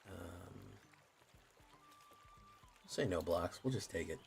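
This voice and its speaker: A man's voice: sits low, animated, slow, gravelly. A young man streaming a card game, muttering play-by-play and swearing when frustrated. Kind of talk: live gameplay commentary. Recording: noisy room ambience behind.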